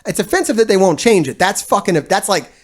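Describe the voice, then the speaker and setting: A male streamer talks straight to his live chat in a loose, rambling rant. He swears freely and sounds fed up, laughing now and then as he restarts his sentences. Soft music plays faintly underneath. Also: high voice, sing-song, fast talker. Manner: profane, blunt and exasperated, with frequent laughs. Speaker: gaming streamer and video host. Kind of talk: casual ranting commentary to a live chat.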